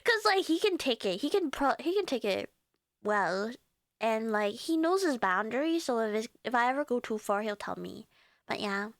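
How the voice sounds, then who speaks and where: A giggly young woman streams and chats casually with her viewers. Her voice sits high and swoops around a lot. The sound is dry and close, with no room around it. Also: big pitch swings, moderate pace, a bit bright, dry recording. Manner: bubbly, giggly, reading chat aloud. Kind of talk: casual live-stream chat.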